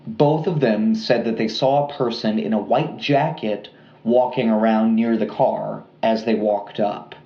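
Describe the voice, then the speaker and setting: A man co-hosting a podcast, telling a true-crime story in a casual, relaxed way with lots of fillers and asides. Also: on the low side, a little slow, echoey room, highs cut off. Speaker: podcast co-host.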